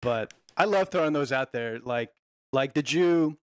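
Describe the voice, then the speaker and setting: A man's voice: mid-range voice, animated, a little slow, clean tone, dry recording, clean studio sound. A man hosting a podcast, encouraging his guest, laughing often and asking rambling questions. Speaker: podcast host. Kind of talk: casual podcast chat.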